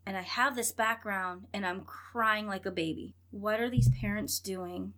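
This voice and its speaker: A woman's voice: medium pitch, fairly even intonation, measured pace, pushed and bright. A woman in her thirties, a guest in an interview, telling her story in an earnest, rambling way and acting out what she and others said. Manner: earnest, rambling, quotes herself and others in dialogue. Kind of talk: conversational interview.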